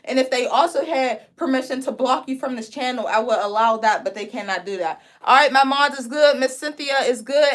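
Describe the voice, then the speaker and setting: A woman's voice: high-pitched, a bit bright. A young woman from Pennsylvania with a Pennsylvania accent, chatting with viewers as she teaches braiding on a livestream. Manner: chatty, talks to viewers as "y'all". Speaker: braiding instructor hosting a livestream. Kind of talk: live tutorial with chat reading.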